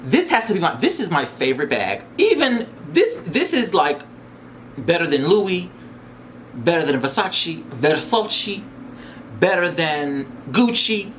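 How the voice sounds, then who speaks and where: A man's voice: a little high, sing-song, unhurried, a bit bright, a little hiss or hum. A man hosting a casual unboxing vlog, talking in a gushing, exclamatory way and repeating his phrases. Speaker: vlogger reviewing a bag.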